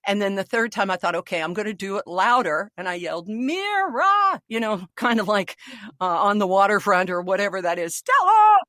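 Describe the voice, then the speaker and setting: A woman in her sixties co-hosts a podcast and tells a story in easy casual chat. She acts out the voices of the people in it, and her middle-pitched voice sits close and dry on the mic. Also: fairly even intonation, brisk, fairly bright tone, dry recording. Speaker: podcast co-host.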